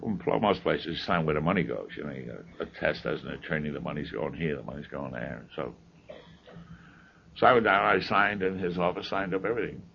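An older man with a gravelly voice telling a humorous story from his own life, with dry, wry asides. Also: rumbling low, a little fast. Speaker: speaker sharing his recovery story. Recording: dull lo-fi recording with faint hiss.

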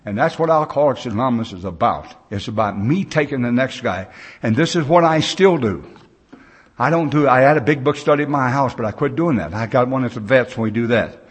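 A man's voice: medium pitch, animated, brisk, breathy edge. A man in his sixties speaking at a recovery meeting, telling stories in a folksy, plain-spoken way with loose grammar.

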